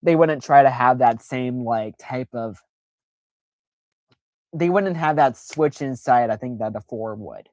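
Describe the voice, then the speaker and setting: A woman with a notably low voice, recorded close and dry with no room around her. She talks in a loose, rambling livestream chat, stacking fillers and restarts, pokes fun at herself, and slips into playful voices to act out what people say. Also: unhurried, long pauses, darkish tone, dry recording. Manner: rambling, filler-heavy, self-deprecating; acts out quoted reactions in playful voices. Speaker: streamer.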